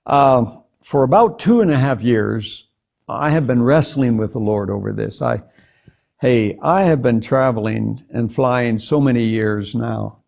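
A man's voice: medium pitch, unhurried, gravelly, darkish tone. Earnest older man telling a testimony. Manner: earnest storytelling, stumbles and repeats words. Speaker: guest preacher. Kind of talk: testimony in a talk show interview.

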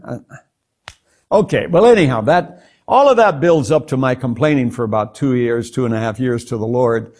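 A man's voice: medium pitch, moderate pace. An older man, a guest preacher, telling a personal testimony in an interview, earnest and prone to stumbling over repeated words. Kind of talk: testimony in a talk show interview.

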